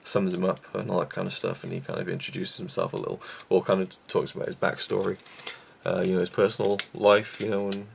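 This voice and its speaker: Low, level and marked by vocal fry, this young man's voice moves at a quick pace over slight background noise. He's a YouTube reviewer casually rambling about his favorite films in a vlog, self-deprecating and prone to fillers and restarts.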